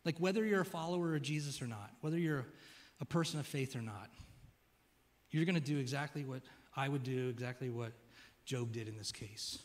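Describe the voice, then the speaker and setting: A man's voice: medium pitch, fairly quick. A man preaching a sermon as pastor, casual and joking, talking like a friend.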